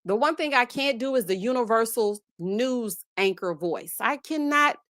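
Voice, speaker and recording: A sassy Southern woman chatting live with her viewers, her fairly high voice swooping up and down as she reads their comments. She talks to the audience as honey and child and breaks into loud laughs. The sound is dry and close to the mic. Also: normal speed, no room sound. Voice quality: lively, sassy, laughs loudly. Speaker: host. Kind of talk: casual live-stream chat reading comments.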